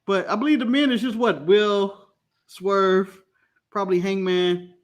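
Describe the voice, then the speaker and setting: An American man with a high-pitched voice co-hosts a podcast at a measured pace. It's a casual watch-along chat, and he's animated, joking around and laughing often.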